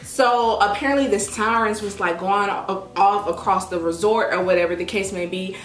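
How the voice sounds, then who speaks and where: A young woman vlogger telling a story in a casual, dramatic, animated way. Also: mid-range voice, moderate pace, slight background noise. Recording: echoey room with faint music.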